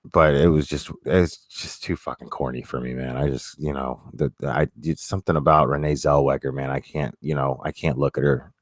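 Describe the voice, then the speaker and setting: A man with a very deep voice chats casually with his audience, stumbling through restarts and fillers. He talks bluntly and swears freely. The sound is dry and close, with no room echo. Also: fairly even intonation. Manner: halting, many restarts and fillers. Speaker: streamer reading chat. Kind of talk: casual chat.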